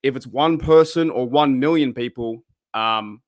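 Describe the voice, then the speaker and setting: A man's voice: medium pitch, a little slow, no room sound. Aussie guy rambling about footy on his channel, laid-back, dry close sound. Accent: Australian. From Australia. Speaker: channel host. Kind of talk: casual fan commentary.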